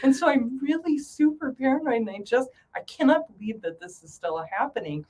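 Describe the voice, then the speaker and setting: Lively woman telling her story. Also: sits high, fairly quick, rough recording. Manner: animated, acts out her own past thoughts in a raised voice. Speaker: guest. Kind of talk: candid storytelling interview.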